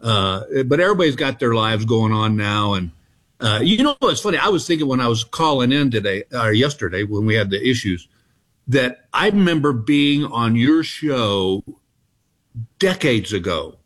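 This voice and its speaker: A man's voice: mid-range voice, expressive, normal speed, fairly bright tone. A man, a comedian guest telling rambling, self-mocking stories in a casual interview. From Texas. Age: 60s. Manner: laid-back, self-mocking, rambling anecdotes.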